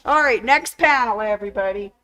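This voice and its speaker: A woman's voice: mid-range voice, fairly quick, fairly bright tone, rough recording. A woman hosting a casual fabric store livestream, chatty and full of corny jokes. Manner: chatty, cracks corny puns. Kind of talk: casual livestream product showcase.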